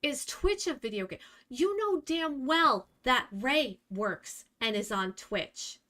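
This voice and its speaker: A woman's voice: high voice, lively intonation, slow pace, bright, forceful tone. A young woman streamer ranting bluntly at her chat, scolding and exasperated, swearing freely. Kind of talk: live stream rant at chat.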